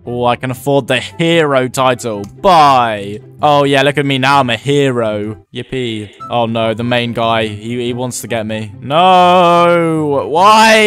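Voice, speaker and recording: A young man giving excited, reactive commentary over his own gameplay as a gaming YouTuber. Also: mid-range voice, smooth. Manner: excitable, yelps and laughs, quick reactions. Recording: faint background music.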